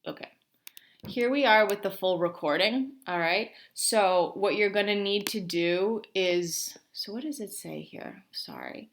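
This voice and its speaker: A woman's voice: medium pitch, measured pace. A woman instructor walking students through a lab task on screen, talking informally with many ums and restarts. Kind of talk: screen-recorded lab walkthrough.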